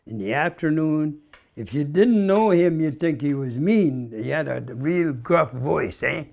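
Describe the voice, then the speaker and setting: A man's voice: a little high, vocal fry. A man in his nineties with a Canadian accent, telling old stories in an interview with frequent chuckles. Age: 90s. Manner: chuckling, reminiscing, tags with "eh". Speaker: interview guest. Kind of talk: casual storytelling.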